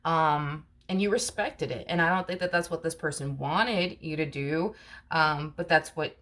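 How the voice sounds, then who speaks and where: A woman's voice: low voice, normal speed, fairly bright tone. A woman giving a casual tarot reading to her viewers, chatty and repetitive, with many fillers. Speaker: tarot reader.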